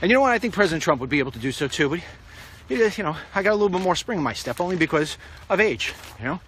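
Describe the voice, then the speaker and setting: Walking along a busy street, a political commentator talks rapid-fire to the camera in a high-pitched, very animated, slightly bright voice. His monologue is blunt and rambling.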